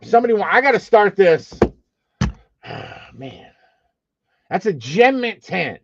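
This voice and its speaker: Host, male, gravelly and animated, swears freely, runs a live card auction over dull lo-fi audio. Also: high-pitched, slow, no echo. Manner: profane, teasing, joking with chat; calls bids like an auctioneer.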